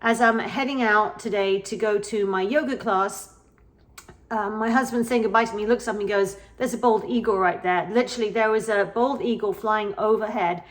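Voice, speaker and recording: A woman's voice: medium pitch, normal speed. A middle-aged woman vlogger telling an earnest personal story in a casual, emphatic way, repeating phrases for emphasis. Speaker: spiritual vlogger.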